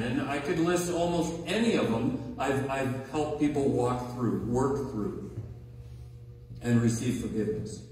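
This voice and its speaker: A man's voice: a little high, normal speed, darkish tone. A male pastor preaching a conversational sermon, stressing key words and checking in with his listeners. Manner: conversational, emphatic, checks in with audience. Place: large hall or sanctuary. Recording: echoey hall recorded from far off.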